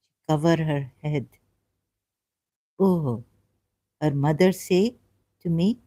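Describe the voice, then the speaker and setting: Woman, low voice, mellow tone, halting and emotional. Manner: emotional, searching aloud, halting with fillers. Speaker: ex-Muslim commentator. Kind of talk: casual commentary reading scripture.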